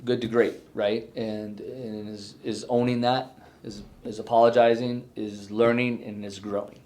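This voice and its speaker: A middle-aged man and retiring fire chief, reflecting in an exit interview, earnest and halting with many restarts. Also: lowish voice, level tone, darkish tone.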